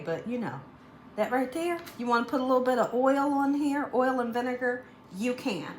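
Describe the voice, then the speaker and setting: A woman's voice: mid-range voice, roomy sound, a little hiss or hum. A middle-aged woman hosting a home cooking show, chatty and enthusiastic, talking straight to her viewers. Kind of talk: casual home cooking demonstration. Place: home kitchen.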